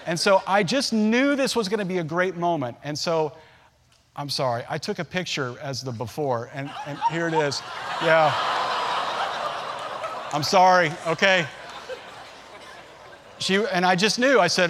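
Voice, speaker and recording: A man in his forties preaching a sermon, telling a family story with lively acted-out voices. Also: sits high, normal speed. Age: 40s. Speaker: pastor. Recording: long hall reverb.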